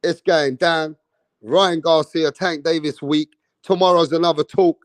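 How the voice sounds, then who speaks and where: A man's voice: on the high side, steady tone, unhurried, no echo. A young man hosting a live boxing stream, calling out viewers by name in casual street slang. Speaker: boxing livestream host.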